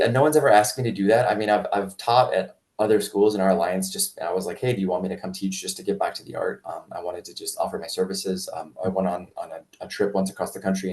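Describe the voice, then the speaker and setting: A man, a martial arts instructor, telling a story in a casual interview, rambling with restarts and jumping much higher when he quotes people. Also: darkish tone, far from the mic. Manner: rambling with many restarts and fillers; acts out quoted voices in a much higher pitch.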